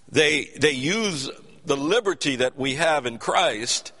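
A man's voice: on the high side, bright, forceful tone. Emphatic preacher man in a reverberant hall. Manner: earnest, emphatic, repeats words as he builds a point. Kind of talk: sermon.

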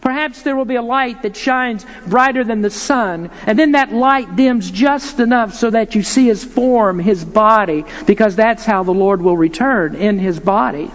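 A man's voice: high-pitched, normal speed, hardly any pauses. A man preaching an earnest, emphatic sermon, posing rhetorical questions to his listeners. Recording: long hall reverb.

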